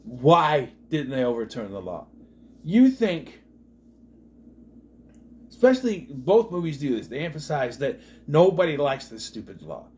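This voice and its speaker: A man's voice: on the high side, very animated, measured pace, pauses often, darkish tone. A man giving a casual, rambling movie review, trailing off with lots of asides. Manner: rambling, full of "you know" and restarts.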